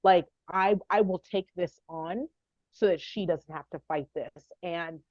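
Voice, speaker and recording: A woman guest on a podcast interview, telling a personal family story in an earnest, heartfelt, halting way. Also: fairly low pitch, a little mellow, dry recording, dull audio.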